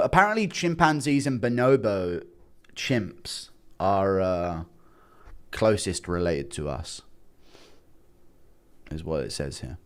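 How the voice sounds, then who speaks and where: A young man hosting a livestream, chatting casually and swinging between loud bursts and low mumbles. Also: lively intonation, slow, long pauses. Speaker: livestream host.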